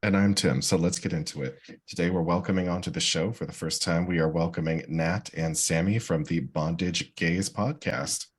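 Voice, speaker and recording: A man from Ohio with a very deep voice, co-hosting a podcast. He's playful and laughs easily during casual chat. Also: normal speed, few pauses, breathy edge. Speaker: podcast co-host.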